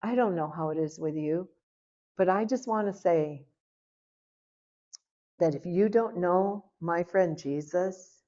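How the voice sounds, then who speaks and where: A middle-aged woman giving a personal testimony at a church seminar, telling her story in a lively way and acting out the dialogue. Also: lowish voice, takes it slowly, long pauses. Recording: lo-fi, dull recording.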